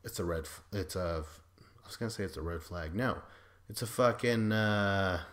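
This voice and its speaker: A man's voice: deep voice, normal speed, fairly bright tone. A man hosting a podcast, recapping a reality show in a loose, profane, joking way, full of fillers and quoted asides. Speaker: podcast host. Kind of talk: casual recap chat.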